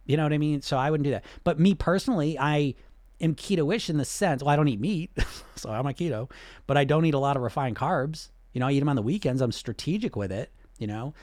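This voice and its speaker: A middle-aged man coaching on weight loss and answering questions, blunt and animated, firing off rhetorical questions. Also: fairly high pitch, quick pace, no echo, clean studio sound.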